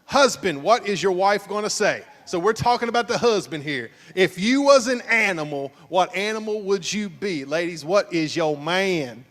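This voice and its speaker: A man's voice: high-pitched, expressive, normal speed, hardly any pauses, fairly bright tone. A man, a pastor hosting a couples game show at his church, teasing and joking with the crowd. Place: church sanctuary, at the altar. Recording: long church hall reverb.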